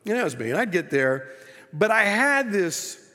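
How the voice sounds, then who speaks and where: A man's voice: high-pitched, sing-song, moderate pace, pushed and bright. A middle-aged man preaching a sermon as pastor, telling stories in a conversational way and often turning to the congregation with questions. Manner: conversational storytelling, asks the congregation. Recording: echoey church hall.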